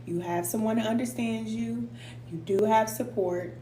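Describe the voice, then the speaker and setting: A middle-aged woman hosts a live stream and talks informally to her viewers. She laughs often and reads their comments aloud. Her voice sits a little high, and the room is echoey with a faint hum behind her. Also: moderate pace, dark tone.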